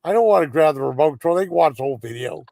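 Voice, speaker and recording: A man on a live stream rambles through a long grievance, swearing freely and circling back on himself. His voice sits a little high for a man. The sound is close and dry, with no room around it. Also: lively intonation, very fast, gravelly, dark tone, no room sound. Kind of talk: casual storytelling chat.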